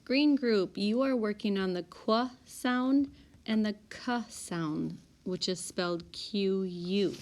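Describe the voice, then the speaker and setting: Slow-spoken woman teacher going over spelling. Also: medium pitch, steady tone, darkish tone. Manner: sorting words aloud, stopping to correct herself. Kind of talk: spelling lesson over a whiteboard app. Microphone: tablet mic, voice-over.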